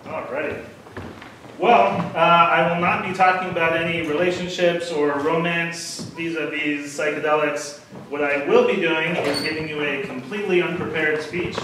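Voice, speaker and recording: Rambling man in an echoey hall. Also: fairly high pitch. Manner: rambling, self-deprecating, many fillers. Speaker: speaker at a storytelling event. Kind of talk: unprepared casual talk. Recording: echoey hall from far off, with noise.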